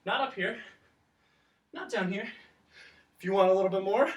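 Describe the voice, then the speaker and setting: A man's voice: high voice, fairly quick, pauses often. A man teaching a children's exercise class, counting down reps and explaining as he works out, breathing hard from the effort. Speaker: teacher leading a class workout. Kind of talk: instructional exercise video. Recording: voice distant from the mic.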